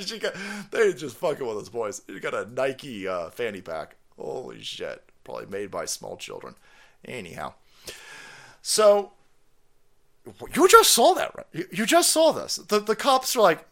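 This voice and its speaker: Man, livestream host, profane ranting commentary, very lively pitch, bright tone. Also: moderate pace. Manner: loud, sarcastic, cursing, laughing often.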